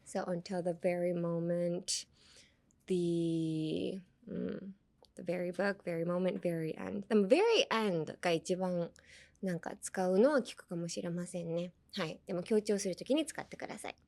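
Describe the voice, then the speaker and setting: With a fairly low, slightly mellow voice and some vocal fry, a young woman explains English phrases from anime on her podcast. She talks a little fast and keeps it casual, mixing English and Japanese with frequent laughter.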